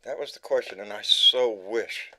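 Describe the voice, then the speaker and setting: Low-voiced male talk show host. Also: sharp tone. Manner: halting, restarts words while reading. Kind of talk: live online talk show, reading a comment aloud.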